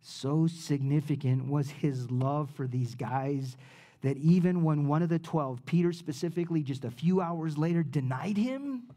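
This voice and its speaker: A man preaching a sermon as pastor, telling the story in a casual way with slang, rising loud and dropping to a hush. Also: fairly high pitch, a little slow.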